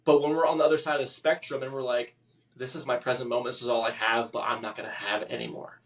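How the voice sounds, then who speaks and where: A man telling his personal story as a podcast guest, halting and emotional, with many restarts and fillers. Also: medium pitch, flat delivery, far from the mic.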